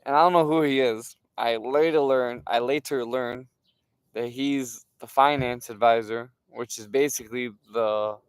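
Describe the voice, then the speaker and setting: A young man telling a story from his day in a casual, animated way, swearing and using lots of fillers. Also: medium pitch, clear, resonant tone, no echo. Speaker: streamer.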